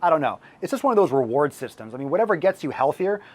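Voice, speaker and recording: A man hosting a fitness channel and answering viewer questions, blunt and profane and ranting at times, his voice slightly hoarse as he loses it. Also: on the high side, very animated, fast talker.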